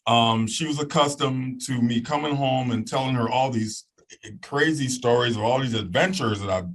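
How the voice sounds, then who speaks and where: Here a male guest animatedly recounts a personal story, imitating voices and sounds and often pausing to ask "okay?" His pitch is medium, his speed normal, and the audio poor.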